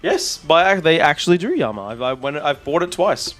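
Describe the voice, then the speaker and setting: Excitable man streaming. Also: fairly high pitch, brisk, soft background music. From Australia. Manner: excitable, rambling, talks to chat. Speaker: streamer and content creator. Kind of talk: casual live-stream chat.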